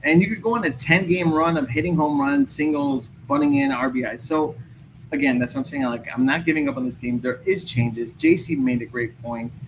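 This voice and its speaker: Excitable ranting man, lively high voice. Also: a little fast, a little hiss or hum, low-quality recording. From Chicago area. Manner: excitable, ranting, venting frustration. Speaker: podcast guest. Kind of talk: casual chat.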